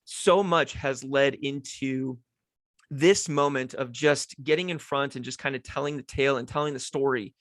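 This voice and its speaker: This podcast host, a young man, spins a self-deprecating childhood tale that wanders and keeps restarting, in a casual storytelling monologue. He speaks at a moderate pace in a steady, mid-range voice with a slightly bright edge. There's no echo in his dry home recording.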